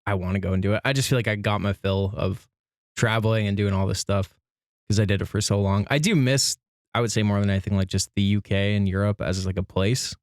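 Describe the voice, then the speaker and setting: A man's voice: on the low side, fairly even intonation, quick pace, dry recording, studio quality. A man co-hosting a podcast, laid-back, swearing casually and calling people "dude". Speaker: podcast co-host.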